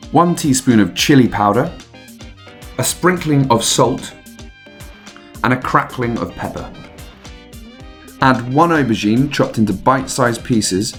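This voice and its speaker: A man gives a scripted recipe voice-over, walking through each step in a steady, instructive way. His voice sits in a middle range. Faint guitar music plays quietly behind him. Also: mid-range voice. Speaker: cooking channel host.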